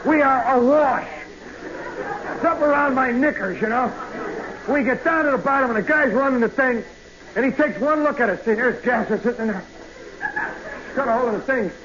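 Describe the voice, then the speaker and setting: Man, live radio storytelling, high-pitched, animated, vintage broadcast hiss. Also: moderate pace, pauses often, dull audio. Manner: animated, swings from hushed asides to loud yelps. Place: nightclub stage.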